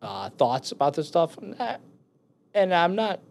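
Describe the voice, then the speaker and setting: A man, a military veteran guest, telling a war story in casual, profane, animated speech with laughs between phrases. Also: on the high side, a little slow, creaky.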